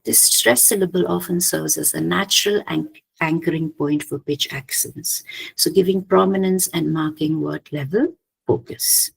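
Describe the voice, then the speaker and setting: A woman giving an academic slide presentation, hesitant, often pausing with "okay" and restarting her phrases. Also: deep voice, vocal fry, breathy edge, poor audio. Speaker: conference presenter.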